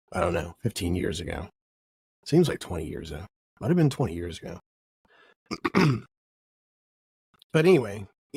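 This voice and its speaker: A man's voice: mid-range voice, no echo, studio quality. A middle-aged man hosting a podcast, telling a personal story in a rambling, jokey way and often correcting himself. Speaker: podcast host. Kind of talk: casual storytelling monologue.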